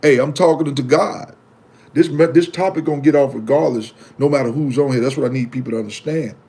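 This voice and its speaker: A vlogger speaks to his viewers in a medium-pitched, darkish male voice at a slightly fast clip. His monologue is casual and emphatic, full of loose slang, preaching and repeating his points while he answers commenters.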